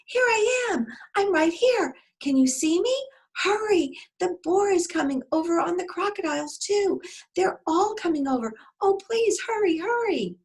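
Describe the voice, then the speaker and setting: A woman's voice: very high-pitched, lively intonation, a little slow, pitched above the performer's own voice, exaggerated voice. A woman voicing a frightened young male dragon in a storybook reading, pleading frantically to be rescued. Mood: frantic pleading.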